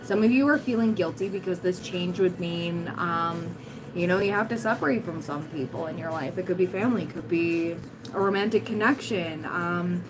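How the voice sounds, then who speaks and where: A woman with a raspy, hoarse voice giving a casual livestream tarot reading, blunt and encouraging with giggly asides. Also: fairly low pitch, normal speed, noisy background. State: hoarse, voice recovering. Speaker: tarot reader, livestream host.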